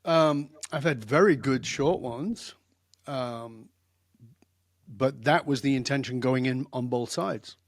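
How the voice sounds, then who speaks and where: A man's voice: medium pitch, slow, no room sound, clean studio sound. An older man telling stories in a direct, emphatic way as a guest in a podcast interview. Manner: direct, emphatic, animated storyteller. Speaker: guest expert.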